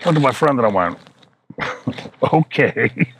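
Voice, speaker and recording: Rapid-fire and breathy, this mid-range male voice belongs to a fifty-something interview guest. He curses freely and brings the people in his story to life by acting them out, all captured on a rough recording.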